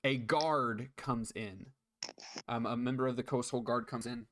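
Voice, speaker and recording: A man narrating a tabletop game as game master, halting and filling with ums. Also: medium pitch, fairly even intonation, fairly bright tone, slight background noise. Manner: halting, many fillers.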